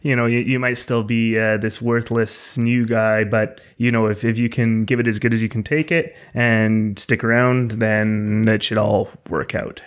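A man's voice: lowish voice, steady tone, measured pace, few pauses, clear, resonant tone. A man co-hosting a podcast, talking over a poem in a thoughtful, reflective way. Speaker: podcast co-host. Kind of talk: casual discussion of a poem.

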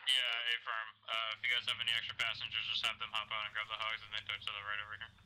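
Brisk bright-voiced squad leader man. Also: fairly low pitch, slight background noise, low-quality recording. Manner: calm, hesitant, peppered with 'uh' and 'affirm'. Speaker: squad leader in a military role-play. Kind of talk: tactical radio commands mixed with casual chat.

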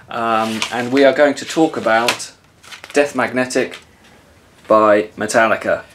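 A man's voice: medium pitch, steady tone, unhurried, noisy background. A man co-hosting a casual chat vlog, talking with frequent fillers and restarts. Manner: hesitant, many fillers and restarts. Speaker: vlog co-host.

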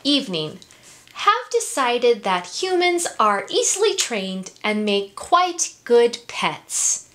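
Expressive, sing-song woman reading to children. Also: on the high side, slow pace, a little hiss or hum. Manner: expressive, sing-song, asks listeners questions. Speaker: story time reader. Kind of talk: reading a picture book aloud to children.

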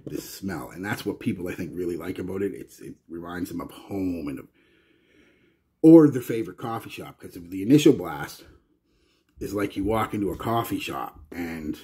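A man's voice: low-pitched, lively intonation, moderate pace, dark tone, husky. A Canadian man chatting to viewers in a casual, rambling fragrance review. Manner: rambling and chatty, with frequent restarts.

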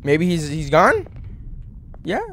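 A jumpy young man talking viewers through a horror game, his pitch swinging widely as he yelps in fright. There is a faint hum of ambience behind him. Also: wildly swooping pitch, slow pace, fairly bright tone. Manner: jumpy, talks to viewers, yelps when startled. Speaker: gaming channel host.

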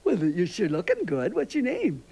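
An older man hosting a children's TV show, gently interviewing young kids in a chatty, rambling, fatherly way. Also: high-pitched, huge pitch swings, moderate pace, creaky, breathy edge.

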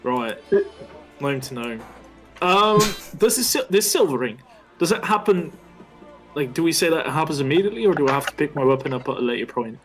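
A man's voice: fairly high pitch, lively intonation, fairly quick, music in the background. Hesitant man haggling as a player. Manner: hesitant, full of fillers, says mate. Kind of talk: casual tabletop roleplay.

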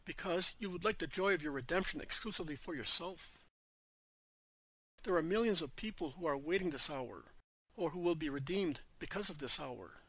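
A man voicing a gentle spiritual teacher in a storybook reading, speaking calmly and measuredly. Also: a little high, normal speed, husky, no room sound, full character voice, rough recording. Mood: tender.

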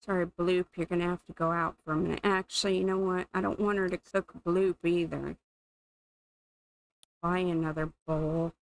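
With a fairly low, gravelly voice, a woman offers chatty, amused commentary on a life-sim game she's playing, thinking aloud for her gaming channel. She keeps a level tone at normal speed, and the rough recording has no echo.

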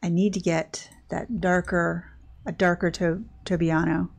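Chatty older woman with a gravelly voice. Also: on the low side, little pitch movement, a little slow. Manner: chatty, rambling, self-interrupting. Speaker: gaming channel host. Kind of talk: casual gameplay commentary.

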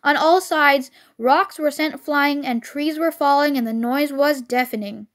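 A woman's voice: high-pitched, unhurried. A woman reading a children's storybook aloud expressively, as a storyteller.

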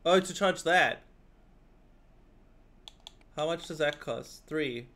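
A man giving rambling, swearing, excitable commentary while playing a video game. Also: a little high, slow. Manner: rambling, excitable, swears often, laughs a lot. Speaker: gaming video host. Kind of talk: let's play commentary.

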